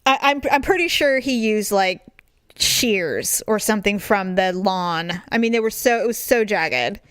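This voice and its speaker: A woman in her forties co-hosting a podcast, telling family stories in a casual, animated way and acting out relatives' lines. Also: mid-range voice, unhurried, clean tone, no echo. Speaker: podcast co-host. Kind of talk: casual chat.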